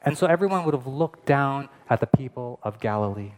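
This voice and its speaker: A man pastor giving a lively, conversational sermon to a streamed church service, with casual asides. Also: medium pitch, fairly quick.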